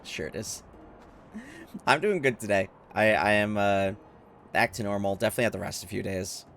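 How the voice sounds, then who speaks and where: A man streaming his reaction to a game, excitable and quick to exclaim, often laughing. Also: lowish voice, creaky, slight background noise. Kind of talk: casual video game reaction.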